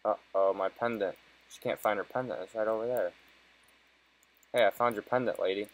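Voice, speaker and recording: A man's voice: on the low side, steady tone, moderate pace, rough recording. A young man giving casual, profanity-heavy commentary while playing a video game, frustrated and joking. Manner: swears constantly, frustrated and joking. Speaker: let's play gamer.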